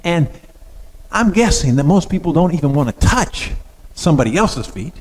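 A man preaches a sermon in a relaxed, conversational way, stopping often to ask his listeners questions. His voice sits a little high for a man, and it carries a long reverb, as if from a large hall. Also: moderate pace. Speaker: pastor.

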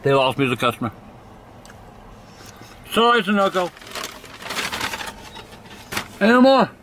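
An older man in a family vlog, talking gruffly and loudly and cursing as he orders and eats in a car at a drive-thru. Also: high voice, big pitch swings, moderate pace, slight background noise. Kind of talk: casual vlog chat.

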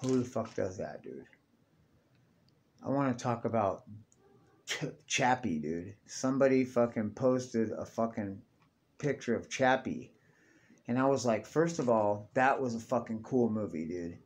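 A man's voice: medium pitch, measured pace, pauses often. A young man ranting casually to camera, profane and rambling, tacking "dude" onto everything. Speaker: vlogger.

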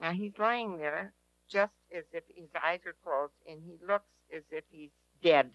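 A woman's voice: on the low side, measured pace, no room sound, poor audio. A woman telling a personal testimony to an audience in an earnest, emphatic way, repeating her key phrases. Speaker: speaker at a prayer teaching session.

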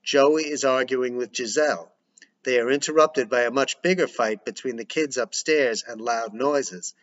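A man's voice: mid-range voice, normal speed, a bit bright. A man reading a screenplay's scene headings and stage directions aloud. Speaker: script reader. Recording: dull lo-fi recording.

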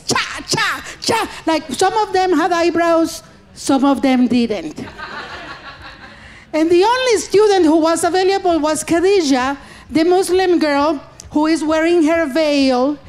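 A woman stand-up comedian, telling stories with animated acted-out voices. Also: sits high. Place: comedy stage.

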